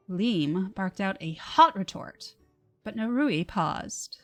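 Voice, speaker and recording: A woman reading her own fantasy novel on a livestream, with soft, measured narration and casual asides. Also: mid-range voice, lively intonation, soft background music. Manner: soft, measured narration, laughs between passages.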